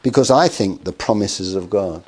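A man's voice: fairly low pitch, moderate pace, darkish tone, slightly rough. A man preaching a sermon, telling stories with acted quotes and rhetorical questions.

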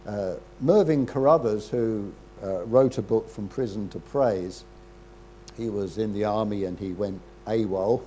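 An older man preaching a sermon in a conversational way, with rhetorical questions and frequent throat-clearing. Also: on the low side, measured pace, warm tone, slight background noise.

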